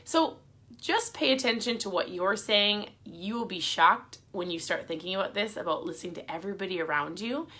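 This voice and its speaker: A woman's voice: medium pitch, expressive, moderate pace, bright, forceful tone, breathy edge. A middle-aged woman giving upbeat, encouraging motivational advice in a casual, chatty talk to her viewers.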